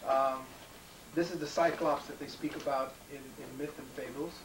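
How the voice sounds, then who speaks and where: A man's voice: mid-range voice, steady tone, moderate pace. A man giving a rambling conspiracy talk, emphatic, with frequent ums and repeated words. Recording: echoey room, mic far off, faint noise.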